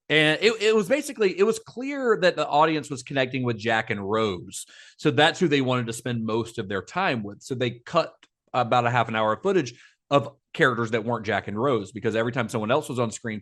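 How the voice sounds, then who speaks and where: A man co-hosting a casual podcast, easily explaining movie history and laughing along with his co-hosts. His voice sits at a middle pitch, and his talk runs on at length with small restarts. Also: fairly bright tone. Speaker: podcast co-host. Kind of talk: casual film podcast chat.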